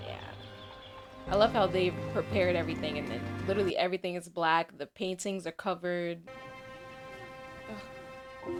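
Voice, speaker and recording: A woman hosting a reaction video, chatty and emotional as she watches a drama series. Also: mid-range voice. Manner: excitable, emotional, chatty, laughing often.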